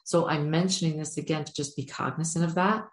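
A woman's voice: deep voice, steady tone, fairly quick, echoey room. A woman giving a casual spiritual talk as an intuitive reader, chatty and often checking in with "right?", acting out other people's reactions. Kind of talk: casual spiritual teaching monologue.

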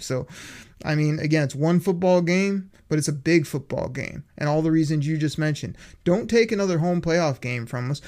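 A man's voice: a little high, darkish tone. A man co-hosting a casual sports fan podcast, worked up and stumbling over repeated words as he talks. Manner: worked up, stammering restarts. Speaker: podcast co-host.

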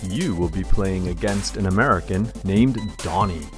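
A man hosting a scripted language lesson podcast, speaking in a calm, deliberate and clearly enunciated way. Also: sits low, soft background music.

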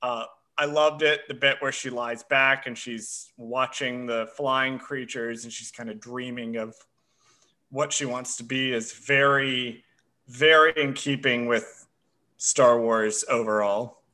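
A man's voice: mid-range voice, fairly even intonation, slow pace, sharp tone. A man co-hosting a casual show, chatting about an episode with plenty of fillers. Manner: chatty, self-described history nerd, frequent uh fillers. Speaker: podcast co-host. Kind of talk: casual chat.

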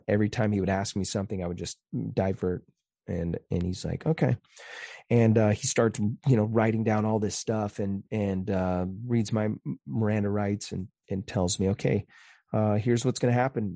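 A man recounts a long story in a low, mellow voice. He talks in a rambling, halting way and keeps restarting his sentences. The sound is close and dry. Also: dry recording. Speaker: interview guest. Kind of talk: casual storytelling in conversation.

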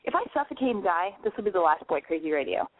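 A woman's voice: on the low side, very animated, fast, slightly rough. Young woman, call-in show host, rambling, profane, self-mocking, slightly nasal, tinny phone-like audio. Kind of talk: casual call-in radio monologue. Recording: dry, phone-like narrow sound.

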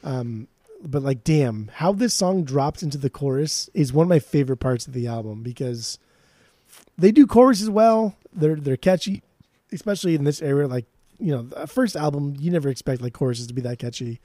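A man co-hosting a casual music podcast, ranting and swearing freely in an animated way. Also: medium pitch, brisk, no echo. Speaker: podcast co-host.

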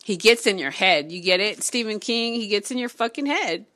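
A woman reading a novel aloud on camera, breaking off into excitable, swearing reactions. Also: mid-range voice, normal speed. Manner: animated, swearing, excitable asides. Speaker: book reader vlogger. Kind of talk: casual read-aloud with reactions.

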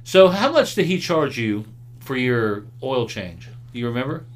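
Young man, podcast co-host, crude casual chat, profane, tells stories with quoted voices, mid pitch. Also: very animated, moderate pace, slight background noise.

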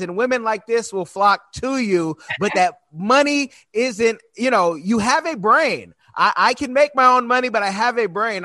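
High-voiced man interviewer, dry sound. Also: bright, forceful tone, no echo. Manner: chatty, rambling questions with fillers. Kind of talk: casual interview questions.

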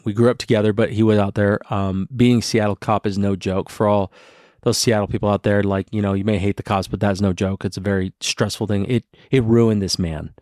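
A man's voice: fairly low pitch, little pitch movement, fairly quick, darkish tone, no room sound, clean studio sound. A man co-hosting a casual podcast as a parent, telling rambling stories and swearing freely.

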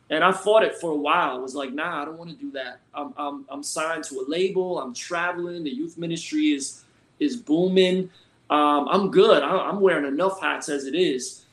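A middle-aged man from Philly, a pastor chatting as a guest. His voice sits a little high, and he talks in a loose, colloquial storytelling way. The recording has a roomy echo around him. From Philadelphia. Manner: relaxed, colloquial, lively storyteller. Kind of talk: casual conversational storytelling. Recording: roomy echoey sound.

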